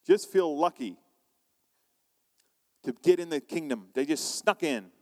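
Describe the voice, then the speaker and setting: Male pastor, lively sermon, acts out quotes, long hall reverb. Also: fairly high pitch, a little slow. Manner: animated, acts out quoted voices, asks the congregation questions.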